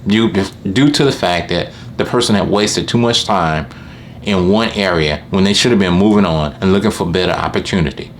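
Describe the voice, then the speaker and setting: Deep-voiced man telling a work story. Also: normal speed, slight background noise. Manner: rambling anecdote, often repeats "I said". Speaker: lawn care business owner. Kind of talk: casual storytelling to camera.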